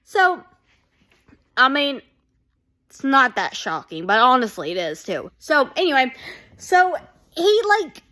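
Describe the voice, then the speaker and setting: A woman talks through a TV episode in a loose, chatty vlog. Her voice sits high, and she rambles, gushes and acts out the characters' lines as she goes. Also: big pitch swings, slow pace, pauses often, pushed and bright. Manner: gushing, rambling, full of "like" and quoted reactions. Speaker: TV show reviewer. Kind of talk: casual recap vlog.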